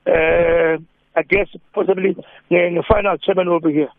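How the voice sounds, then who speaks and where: A man's voice: sits high, flat delivery, moderate pace, vocal fry, no echo. A man with a South African accent, a football coach on a phone interview, mixing English and isiZulu with easy laughter. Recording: tinny phone line.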